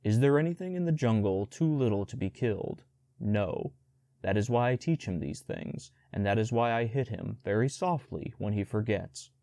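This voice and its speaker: Baloo, a man voicing a slow, earnest old bear. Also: lowish voice, expressive, warm tone, no room sound, studio quality. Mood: earnest lecturing. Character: gruff old male bear teacher, stern. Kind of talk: storybook audiobook reading.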